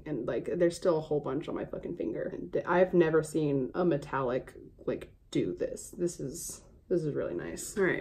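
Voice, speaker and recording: A young woman chatting casually and swearing freely while demonstrating her makeup. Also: lowish voice. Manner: chatty, profane, easily excited. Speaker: makeup vlogger. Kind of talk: casual makeup tutorial chat.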